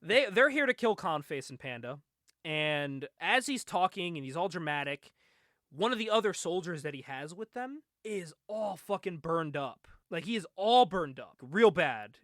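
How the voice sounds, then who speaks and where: A young man in casual conversation, excitedly recapping a comic book, laughing often and acting out the lines. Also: on the high side, normal speed, no room sound, clean studio sound. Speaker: podcast co-host.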